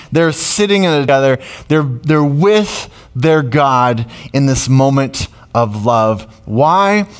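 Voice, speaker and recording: A man delivering a sermon in a conversational style, his voice sitting a touch high for a man. He puts questions to the congregation and acts out quoted lines, changing his voice as he goes. It sounds like he is speaking in a church. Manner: acts out quoted prayers in a shifting voice. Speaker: pastor. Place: church sanctuary.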